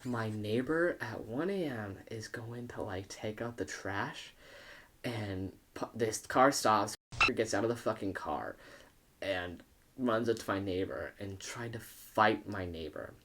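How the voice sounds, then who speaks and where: A man's voice: a little slow, a little hiss or hum. A young man, a podcast guest, telling a party story in casual chat, swearing and acting out quotes. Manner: animated, profane, acts out quotes with big pitch jumps.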